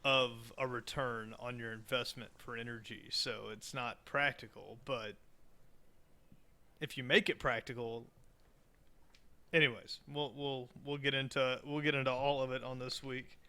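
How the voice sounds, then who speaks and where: A man's voice: medium pitch, fairly even intonation, measured pace, pushed and bright, clear, resonant tone. A man co-hosting a podcast in loose, joking chat, rambling with restarts and swearing. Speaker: podcast co-host. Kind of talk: casual chat.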